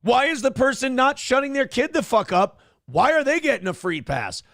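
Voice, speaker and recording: Sarcastic swearing host guy, high gravelly voice, dry close sound. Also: big pitch swings, moderate pace, a bit bright, dry recording. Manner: sarcastic, swears heavily, rants. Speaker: morning show host. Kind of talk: profane commentary on a viral video.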